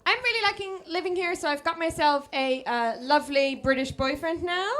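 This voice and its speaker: A woman's voice: high-pitched, fairly quick, few pauses, fairly bright tone. A young Dutch woman doing a stand-up set with a mixed American and Irish twang, giggly and self-deprecating, with lots of hesitant fillers. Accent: Dutch speaker with American-Irish twang. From Netherlands. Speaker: stand-up comedian. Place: comedy club stage with laughing audience. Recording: live club recording with audience crowd noise.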